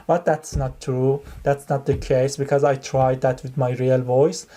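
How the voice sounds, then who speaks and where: A man's voice: mid-range voice, flat delivery, measured pace, warm tone. A man giving a casual spoken tutorial on exam speaking, rambling and conversational as he explains. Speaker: test-prep tutor.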